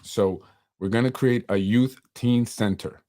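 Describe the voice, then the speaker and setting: A man's voice: mid-range voice, measured pace, warm tone, dry recording, clean studio sound. A middle-aged man from New York hosting a solo podcast, talking in an earnest, rambling way with many fillers and an emotional edge. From Yonkers, New York. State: emotional, voice softening. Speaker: podcast host and community organizer.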